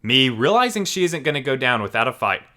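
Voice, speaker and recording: A man hosting a channel and narrating online posts in an animated, expressive storytelling way. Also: medium pitch, fast talker. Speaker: channel host reading stories.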